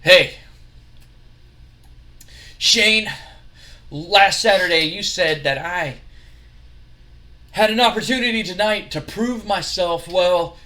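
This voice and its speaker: A man voicing a brash, boastful male wrestler who talks in a quick, cocky rant. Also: high voice, pushed and bright, full character voice.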